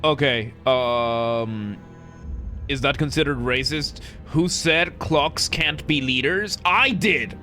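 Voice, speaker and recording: A man's voice: medium pitch, slow, sharp tone, faint music behind. A man streaming a game, chatting casually and joking with chat in a rambling, self-correcting way. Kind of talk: casual live-stream commentary.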